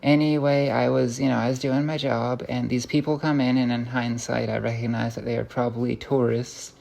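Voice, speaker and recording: A man's voice: mid-range voice, little pitch movement, brisk, gravelly, a little mellow. A young man talking straight to camera in a confessional vlog, rambling and rueful, often restarting his sentences. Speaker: vlogger.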